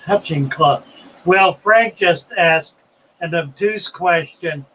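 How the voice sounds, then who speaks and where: A man's voice: on the high side, slow, fairly bright tone, highs cut off. A man hosting a live stream in a casual, chatty way, reading viewer comments aloud and musing as he goes.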